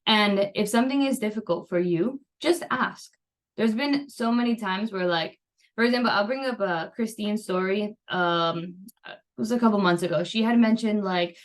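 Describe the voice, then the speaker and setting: A woman's voice: mid-range voice, normal speed. Chatty young woman coaching on a call. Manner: chatty, filler-heavy, reassuring. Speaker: nutrition coach. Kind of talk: casual coaching talk over screen share.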